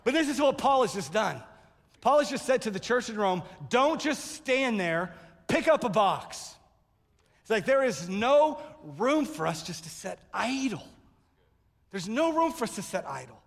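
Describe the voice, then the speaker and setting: A man preaching a sermon as pastor, telling stories and acting out quoted people with sudden loud bursts. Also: high-pitched, big pitch swings, moderate pace, creaky, in a large hall. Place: church sanctuary.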